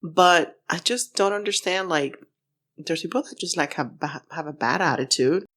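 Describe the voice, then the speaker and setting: A woman's voice: fairly low pitch, normal speed, a bit bright. A woman co-hosting a podcast in casual chat, blunt and opinionated, swearing freely and slipping in Spanish phrases. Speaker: podcast co-host.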